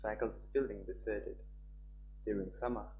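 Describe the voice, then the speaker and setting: A man's voice: normal speed, vocal fry, muffled recording, a little hiss or hum. Young man reading a game aloud. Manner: animated, voices the dialogue lines higher and louder. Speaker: streamer. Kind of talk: reading a visual novel aloud with reactions. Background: guitar music.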